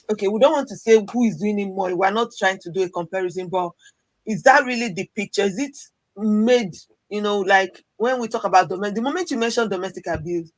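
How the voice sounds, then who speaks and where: A man's voice: high-pitched, no room sound. A man hosting a podcast and asking his guests questions. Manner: questioning, leads the talk. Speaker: podcast host. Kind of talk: podcast discussion.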